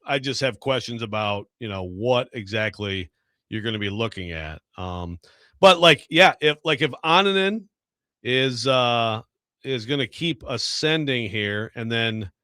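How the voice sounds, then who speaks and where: A man co-hosting sports radio with a bright, forceful tone. He talks in halting phrases padded with "you know." The recording is close and dry. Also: medium pitch, expressive, dry recording. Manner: hesitant, full of "you know" fillers. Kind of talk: casual sports talk.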